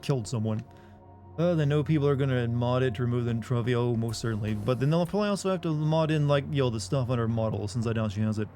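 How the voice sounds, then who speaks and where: A man's voice: medium pitch, fast, mellow, soft background music. A man streaming a video game live, joking wryly and reading the game's text aloud.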